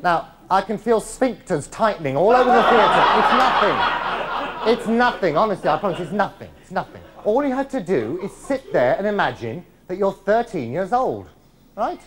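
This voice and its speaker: A man tells stories to a live theatre audience in a chatty, teasing way, picked up on a clip-on mic. His pitch rises and falls a lot. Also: sing-song, moderate pace, a crowd in the background. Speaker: solo stage performer. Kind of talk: one-man comedy show storytelling. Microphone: clip-on body mic.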